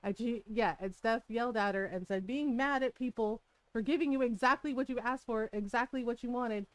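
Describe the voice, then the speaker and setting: A woman's voice: fairly high pitch, a little fast, no room sound. A woman in her forties, a streamer chatting casually and candidly, swearing freely and laughing now and then. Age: 40s. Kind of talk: casual venting chat while gaming.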